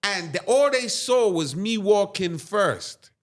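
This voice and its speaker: Taking his time, a male interview guest with a high-sitting voice shares a personal anecdote. He tells it with animated drama and plenty of "right?"s.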